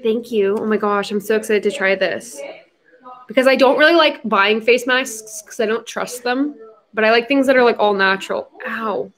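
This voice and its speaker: A woman's voice: a little high, normal speed, a bit bright. A young adult woman hosting a casual livestream, chatty and giggly, slipping into baby talk with her puppy. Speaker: livestream host.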